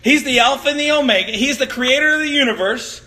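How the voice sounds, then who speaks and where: A man's voice: very high-pitched, fast talker, bright, forceful tone. A man preaching a sermon, telling playful stories and acting out quotes with big jumps in his voice. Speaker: pastor.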